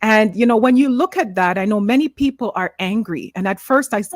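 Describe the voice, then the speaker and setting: A woman's voice: mid-range voice, brisk, dry recording. A woman with a toned-down Jamaican accent hosting a faith-based panel discussion, earnest and conversational, laughing easily. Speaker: host.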